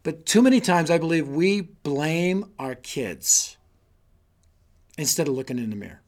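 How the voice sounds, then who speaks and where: A man giving an energetic, sermon-style talk to youth leaders, telling stories and rallying them with repeated calls. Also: on the high side, unhurried. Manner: energetic storytelling with repetition; exhorting, rallying listeners. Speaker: youth ministry speaker.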